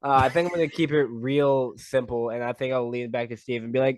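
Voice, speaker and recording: A man's voice: mid-range voice, steady tone, fairly quick, few pauses, no room sound. A man playing a tabletop game, joking and wry, getting over a cold and coughing now and then. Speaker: player.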